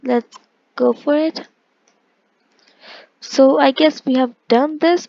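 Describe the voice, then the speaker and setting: A woman's voice: fairly high pitch, vocal fry, warm tone, highs cut off. A woman teaching an online language lesson, explaining step by step and often correcting herself mid-sentence. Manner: explains step by step, with frequent self-corrections and fillers.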